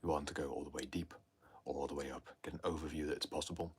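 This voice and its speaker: Male livestream host, very low husky voice, swings from loud emphasis to hushed whispers. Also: level tone, fast talker. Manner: intense, often sinking into a breathy near-whisper. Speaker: host answering viewer questions. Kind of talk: livestream Q&A talk.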